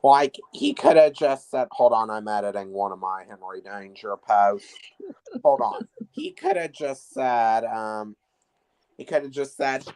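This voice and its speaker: A man's voice: medium pitch, big pitch swings, a little slow, darkish tone, smooth, poor audio. A man in casual reaction chat about a show, ranting in exasperation. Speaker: co-viewer.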